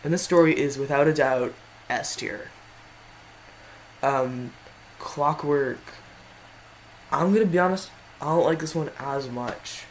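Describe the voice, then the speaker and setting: A man's voice: fairly high pitch, slow pace, pauses often, a little hiss or hum, rough recording. A man giving casual tier-list commentary in a rambling way, often stopping to correct himself. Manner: rambling, frequent self-corrections. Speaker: video creator.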